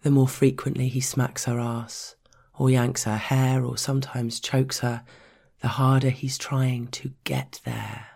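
Man, narrator, story reading, steady, measured delivery. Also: medium pitch, gravelly. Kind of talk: scripted narration of an adult story.

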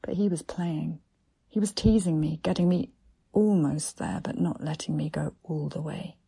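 A woman narrating an erotic story in a slow, hushed, breathy half-whisper. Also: sits low.

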